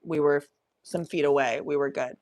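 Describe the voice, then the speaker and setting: A young adult woman hosting a podcast, telling a story in an animated, profane, laughing way. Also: deep voice, normal speed. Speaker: podcast host. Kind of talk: casual storytelling.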